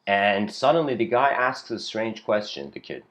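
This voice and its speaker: A man with a very low, sing-song voice gives a casual spoken lecture at normal speed, telling a parable in a loose, rambling way. He fills the gaps with "you know" and soft chuckles.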